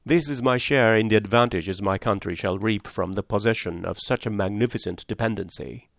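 A man voicing an eccentric old male doctor who speaks in a calm, sententious, imperturbable way. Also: lowish voice, a little fast, gravelly, no room sound, clean studio sound. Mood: calm probing.

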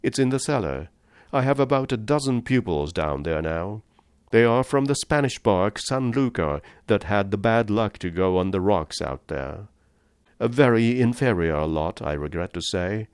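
Guy reading a smooth condescending general, amused, cold blooded, low voice, dry sound. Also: animated, normal speed, a little mellow, dry recording, lightly acted. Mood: suave. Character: suave, cold-blooded aristocratic male general.

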